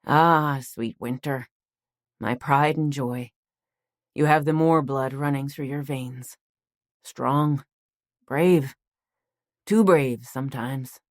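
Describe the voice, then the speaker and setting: A woman narrating an audiobook while voicing a hoarse, bitter old grandfather lying in a hospital bed, speaking slowly and bluntly. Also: rumbling low, dry recording, studio quality. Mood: tender. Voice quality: hoarse, rasping. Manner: slow, blunt, muttering.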